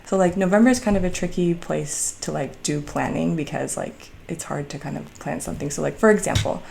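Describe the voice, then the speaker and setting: A woman's voice: low voice, brisk, vocal fry, few pauses, noisy background. A young adult woman, chatty and upbeat, walking viewers through her journal in a casual how-to vlog with lots of likes and ums. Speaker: bullet journal creator.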